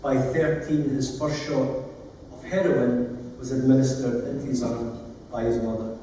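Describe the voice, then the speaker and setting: Man, earnest storyteller, mellow voice, distant mic in a big echoey hall. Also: mid-range voice, little pitch movement, a little slow, slight background noise. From Scotland. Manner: emotional, earnest, plain-spoken. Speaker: conference speaker, lawyer. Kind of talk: storytelling conference talk. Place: large conference hall.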